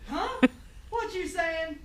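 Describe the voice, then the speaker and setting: A woman's voice: very high-pitched, slow pace, a little hiss or hum. A woman playing a bossy giant's wife who scolds in a folksy rural way in a stage skit. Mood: scolding. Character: bossy, nagging giant's wife in a hillbilly style. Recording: echoey room from far off.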